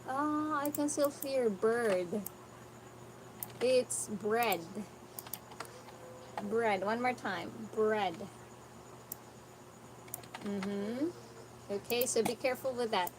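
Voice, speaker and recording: A woman teaching an online English pronunciation lesson, patiently correcting a student and repeating words slowly. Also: on the high side. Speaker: English tutor. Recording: noticeable background noise.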